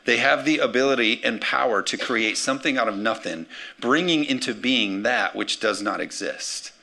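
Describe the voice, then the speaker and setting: A man preaching a sermon as pastor, energetic, calling for amens and acting out the words of scripture figures. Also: mid-range voice, moderate pace, creaky. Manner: energetic, calls for amens, acts out quotes.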